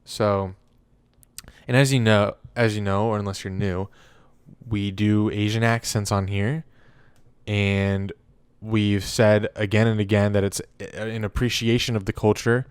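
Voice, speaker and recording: A man's voice: lowish voice, flat delivery, unhurried, smooth, no room sound. A young man co-hosting a podcast, speaking in a laid-back, hesitant way with many ums. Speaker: podcast co-host. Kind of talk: casual chat.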